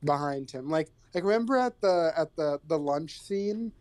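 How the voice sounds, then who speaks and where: A man's voice: on the high side, expressive, normal speed, a little mellow, clear, resonant tone. Hesitant male podcast co-host, filler-heavy. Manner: hesitant, fills with many "like"s and "um"s. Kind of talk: casual film discussion.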